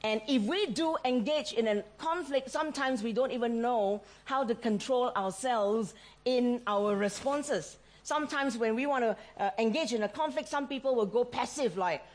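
A middle-aged woman preaching in a fairly high voice. She tells her stories with animation, slips into the voices of the people she quotes and laughs often. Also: moderate pace. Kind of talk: sermon.

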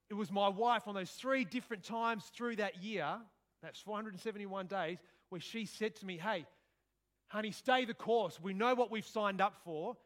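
A middle-aged man preaching a sermon, telling stories and breaking into sudden loud outbursts. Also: high-pitched.

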